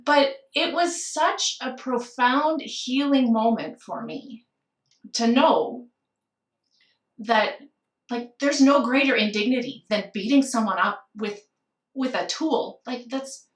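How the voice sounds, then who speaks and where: A woman's voice: on the high side, lively intonation, reverberant, distant mic. Candid woman telling a painful story. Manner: candid and emotional, with soft laughs and slowed phrases. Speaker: podcast guest. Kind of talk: personal storytelling in a podcast conversation.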